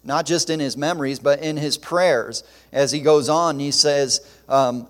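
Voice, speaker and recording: A man's voice: a little high, fairly even intonation, a little slow, few pauses. A man preaching a sermon in an earnest, emphatic way, with fillers and restarts. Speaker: pastor. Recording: long hall reverb.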